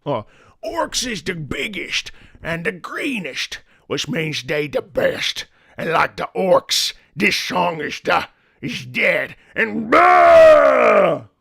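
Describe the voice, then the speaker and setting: A man putting on the voice of a boastful male orc warrior, shouting gruffly and drawing out his words. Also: high voice, sing-song, slow, voice pushed up, exaggerated voice.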